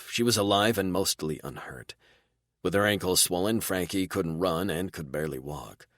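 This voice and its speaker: A male audiobook narrator with a very deep voice tells the story in steady, even first-person narration. The recording is dry and close, with no trace of room sound. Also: no room sound.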